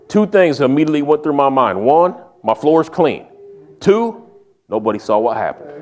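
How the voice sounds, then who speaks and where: A man's voice: a little high, a little mellow, slight background noise. Folksy male preacher. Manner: folksy storytelling with humor. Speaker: pastor. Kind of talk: sermon.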